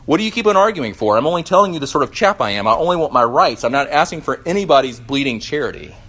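A man voicing the self-righteous ghost of a dead man, bitter, defensive and raised in pitch and volume. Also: fairly quick, a bit bright, lightly acted. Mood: indignant.

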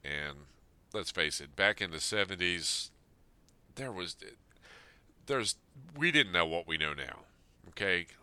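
A man's voice: low voice, expressive, slow pace, pauses often, sharp tone, clean tone, no echo. A man in his fifties reads a personal letter aloud and then reflects on it, earnest and plain-spoken. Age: 50s. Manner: earnest, plain-spoken, speaking straight to his late father. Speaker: Army veteran sharing a personal letter.

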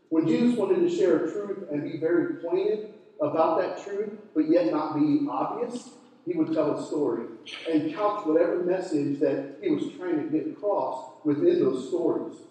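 A middle-aged man preaching in a mellow, somewhat higher voice. He tells stories in an easygoing, conversational way. The sound is very echoey, picked up from some distance in a large hall. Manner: conversational storytelling with fillers. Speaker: pastor. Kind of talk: sermon. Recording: echoey hall, mic from far off.

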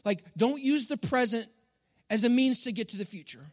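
A pastor in his forties with a notably high voice preaches in a loose, joking, conversational way. He keeps turning to the room with quick "right?" asides. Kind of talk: sermon.

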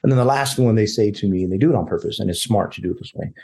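A man's voice: lowish voice, rapid-fire, gravelly, mellow, breathy edge. A man, a guest telling a personal story in casual, rambling talk, often quoting other people. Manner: rambling, quotes others in dialogue. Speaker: interview guest.

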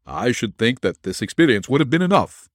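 A man's voice: medium pitch, sing-song, brisk, no room sound, clean studio sound, pitched above the performer's own voice. A man voicing a superstitious old colonel who speaks in a grave, disapproving way. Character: solemn old male colonel, superstitious and stern.

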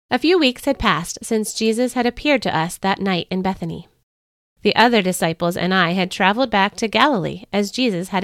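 A woman, host of a family devotional show, reading a children's Bible story aloud with expressive storytelling. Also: mid-range voice, no echo, clean studio sound. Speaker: author and podcast host.

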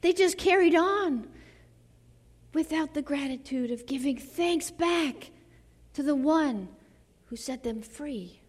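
A woman with a high voice preaches a sermon in a slow, deliberate rhythm. Her delivery is dramatic, sinking to hushed phrases and then lifting into fervent calls. The sound carries a long reverb from a large hall. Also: lively intonation. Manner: slow, dramatic delivery with soft drops and rising exclamations.

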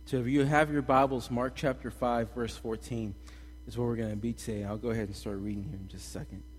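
A young man giving a casual, slangy sermon as a pastor, animated and energetic in his storytelling. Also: medium pitch, fast talker, a little hiss or hum. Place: church hall. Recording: long reverb in a hall.

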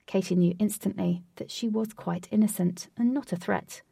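A woman reading a story chapter aloud in a steady narrating voice. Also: mid-range voice, normal speed, vocal fry, few pauses, breathy edge, dry recording, clean studio sound, recorded from a distance. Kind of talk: audiobook reading.

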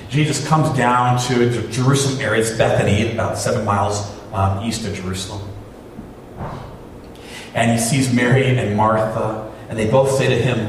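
A pastor preaches in a conversational way, asking his listeners questions. His mid-pitched voice reaches the mic from a distance and rings through a very echoey hall, with faint ambience behind it. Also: fairly even intonation, normal speed, a little hiss or hum. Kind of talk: sermon.

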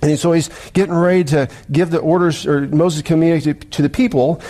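Pastor guy preaching, tells a long dream story, kinda rambly, restarts a lot, warm mellow tone. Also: fairly high pitch, steady tone, fairly quick.

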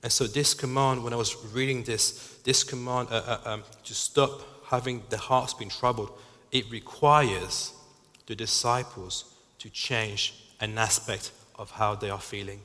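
A man's voice: medium pitch, fairly even intonation, pushed and bright, long reverb tail. A man preaching a sermon in an earnest way, often stopping and restarting his sentences. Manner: earnest, halting with repeated restarts.

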